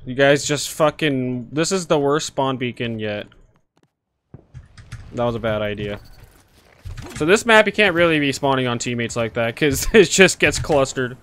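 Excitable swearing male gamer. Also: medium pitch, moderate pace, pauses often, slight background noise. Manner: excitable, swears a lot, yells at enemies. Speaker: gaming streamer. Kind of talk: live gameplay commentary.

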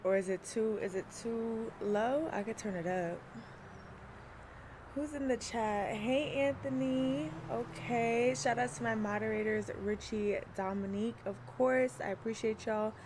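A woman's voice: fairly high pitch, a little slow, background noise. A young woman streaming live, chatting casually, laughing and greeting viewers by name. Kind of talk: casual livestream chat.

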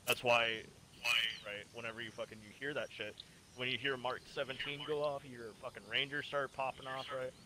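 A man's voice: medium pitch, level tone, brisk, noisy background. A man in casual voice chat with fellow gamers, explaining at length and swearing often.

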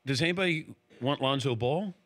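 A man hosting a sports talk interview, asking quick, animated questions. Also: mid-range voice. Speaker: host.

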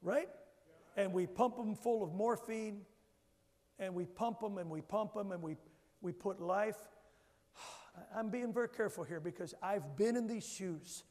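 A man's voice: high voice, unhurried, a little mellow. A male pastor preaching a sermon emphatically, calling on the congregation to answer back. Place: church sanctuary. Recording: long church hall reverb.

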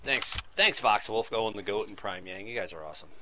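A man in his forties streaming a game with his son, excitable and laughing, thanking viewers by name. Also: on the low side, fairly quick, background noise. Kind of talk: casual game-stream chat.

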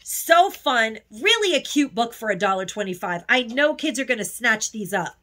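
A woman's voice: a little high, big pitch swings, normal speed, sharp tone. A woman chatting casually in a haul video, gushing and emotional, sometimes close to tears. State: tearful at times. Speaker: haul vlogger.

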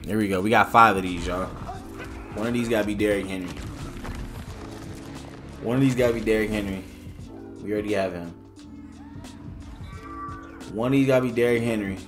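A man's voice: lowish voice, fairly even intonation, a little fast, pauses often, a bit bright, soft background music. A young man commenting on a game pack opening, rambling and joking, with slang and exasperated outbursts. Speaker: gaming YouTuber.

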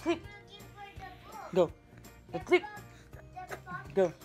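A woman's voice: mid-range voice, big pitch swings, drawn-out words, warm tone, soft background music. A young woman, a mother chatting casually to the camera and coaxing her small kids. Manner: talks to her small children in a soothing, coaxing way. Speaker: vlogger and mother. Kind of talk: casual family vlog chat.

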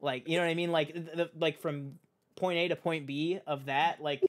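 Higher-voiced dude hosting a movie podcast, gushing and swearing, says like a lot. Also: male voice, moderate pace. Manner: animated, profane, heavy use of "like". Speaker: podcast host. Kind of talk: casual film chat.

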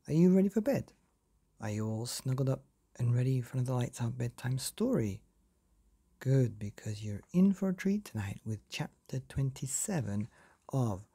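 A man hosting a bedtime story podcast, reading a children's chapter gently and playfully, with sound effects. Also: medium pitch, lively intonation, normal speed, slightly rough.

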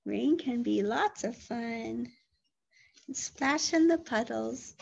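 A woman teacher reading a picture book aloud to toddlers, gentle and full of questions, with animated sound effects. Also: fairly high pitch, slow pace, vocal fry, husky, highs cut off. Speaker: early childhood teacher.

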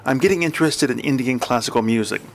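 A man's voice: mid-range voice, fast, creaky, a little hiss or hum, lightly acted. A man voicing a sly, lazy male cat-man, a blunt and teasing dilettante, in an audiobook reading.

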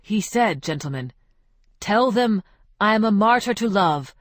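A woman's voice: medium pitch, animated, a little slow, dry recording, clean studio sound, close to an everyday voice. A woman voicing a humble male cafe owner who speaks solemnly and reverently.

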